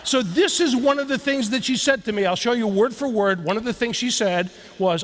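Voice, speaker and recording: A man's voice: very high voice, fairly quick, few pauses, fairly bright tone, slight background noise. A man giving a keynote speech to a live audience, telling stories and leading the crowd through playful exercises. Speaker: keynote speaker. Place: stage before a live audience.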